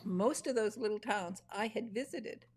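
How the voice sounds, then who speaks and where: A woman's voice: medium pitch, normal speed, a little mellow. A woman hosting an interview, chatting casually and laughing through rambling anecdotes. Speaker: podcast host.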